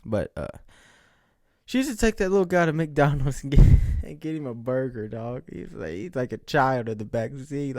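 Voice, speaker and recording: A young man with a raspy voice, rambling jokingly and mocking himself while hosting his own podcast. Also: medium pitch, expressive, moderate pace, darkish tone, dry recording, studio quality. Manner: rambling, jokey, self-mocking. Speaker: podcast host. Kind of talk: casual solo chat.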